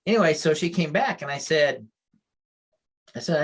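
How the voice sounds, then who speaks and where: A man's voice: fairly high pitch, lively intonation, moderate pace, long pauses, slightly rough. A man on a veterans' podcast telling a story in a casual, rambling way, full of restarts and moved by emotion. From United States. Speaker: podcast co-host, mental health advocate.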